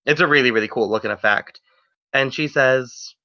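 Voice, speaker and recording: A man's voice: mid-range voice, normal speed. A man narrating a tabletop game as game master, in a casual, rambling storytelling way, on a dull lo-fi recording. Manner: lively, casual storytelling with fillers.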